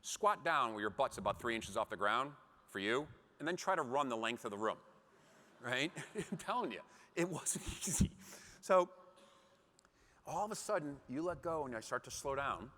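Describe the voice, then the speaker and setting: A man's voice: medium pitch, moderate pace. A middle-aged man giving a motivational keynote talk to a conference crowd, acting out little scenes as he tells stories. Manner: animated storytelling, acts out scenes. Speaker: keynote speaker. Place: large conference hall. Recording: long hall reverb.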